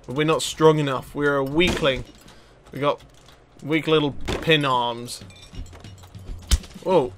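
A young man commentating his gameplay, excitable and swearing, breaking into sudden high yelps and laughter. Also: slow, long pauses, soft background music. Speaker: let's play gamer.

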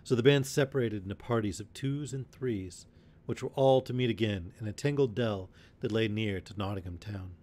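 A man with a fairly low voice reads an old adventure tale aloud at bedtime. His narration is measured and expressive. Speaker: storyteller. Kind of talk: bedtime story reading.

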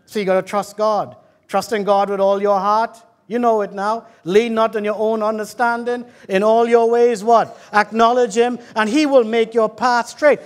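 High-pitched, fervent preacher man. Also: little pitch movement, normal speed. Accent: British. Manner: fervent, calls out to the congregation and jokes. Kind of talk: lively sermon. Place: church hall.

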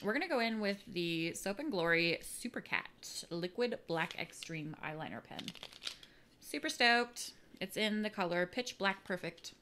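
A woman's voice: mid-range voice, lively intonation, a little slow, sharp tone, slight background noise. A woman chatting casually through a makeup tutorial, playful and prone to silly mock-dramatic asides. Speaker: beauty vlogger.

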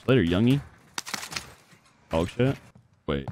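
A young man streaming a shooter game, talking to himself in profane, excitable commentary. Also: lowish voice, moderate pace, slight background noise. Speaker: gaming streamer. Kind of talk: live gameplay commentary. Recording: game sound mixed under voice.

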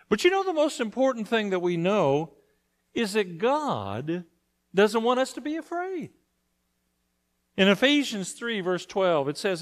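A male pastor preaching a conversational sermon to his congregation, often asking them questions. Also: sits high. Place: church sanctuary.

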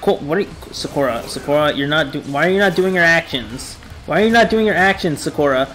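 A man giving excitable gameplay commentary, yelling in frustration and rambling. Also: a little high, quick pace, hardly any pauses, a little hiss or hum. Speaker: gaming YouTuber.

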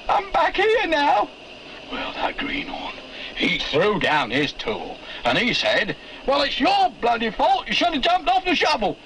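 A man's voice: high-pitched, noisy background, heavily acted. An actor playing a joking old male miner who tells tall tales in colloquial slang, drawing out his punchlines. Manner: animated storyteller, drawn-out punchlines. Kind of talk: film dialogue.

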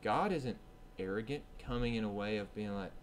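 A man's voice: lowish voice, normal speed, slight background noise. A man preaching a sermon in church, talking conversationally, acting out what people say and checking in with "right?". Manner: conversational preaching, acts out quoted voices, asks "right?".

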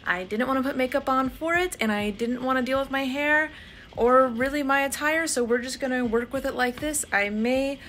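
A woman's voice: high voice, moderate pace, fairly bright tone, a little hiss or hum. Candid young woman vlogging to her phone. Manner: chatty, candid and a little nervous. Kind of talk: casual vlog to camera.

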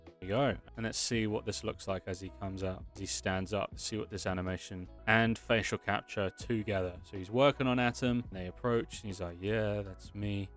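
A man's voice: fairly low pitch, fairly even intonation, a little fast, a bit bright, soft background music. A chatty man giving a casual screen-share tutorial on his animation work, explaining each step and thanking his viewers. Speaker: creator walking through his animation work.

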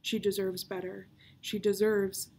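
A woman's voice: mid-range voice, little pitch movement, measured pace, darkish tone, breathy edge. A woman reading aloud, voicing a brooding, fatalistic male pirate captain of about thirty who talks in grim growls.

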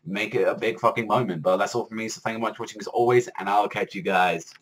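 A man's voice: fairly low pitch, steady tone, quick pace. A man casually reviewing an anime episode, rambling and swearing a lot. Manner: rambling, heavy swearing, many "like" fillers.

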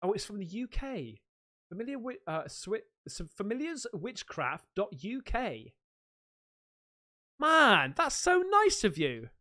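A man hosting a stream, chatting casually as he unboxes fan mail, excitable, swearing freely and laughing often. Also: high-pitched, slow pace. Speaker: streamer host.

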